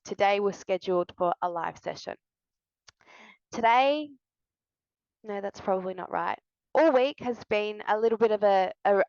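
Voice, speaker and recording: A woman's voice: fairly low pitch, clear, resonant tone, no echo. A young adult woman, a somatic healing coach, sharing candidly and earnestly to camera from indoors. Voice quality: soft, earnest, confessional. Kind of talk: candid personal share to camera. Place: indoors with a fan running. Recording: dull lo-fi, dry sound.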